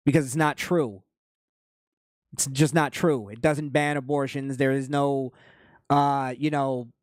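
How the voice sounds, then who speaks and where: Emphatic podcast host, dry close mic. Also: male voice, on the high side, no room sound. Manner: emphatic, repeats points, frequent restarts and fillers. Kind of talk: opinionated political commentary.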